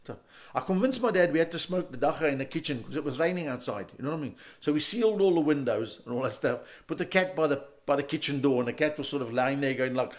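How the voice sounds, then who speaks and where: Animated South African man doing stand-up. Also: fairly high pitch, fast. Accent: South African English. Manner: animated storyteller, jumps into loud character voices. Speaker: stand-up comedian. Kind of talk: stand-up comedy set.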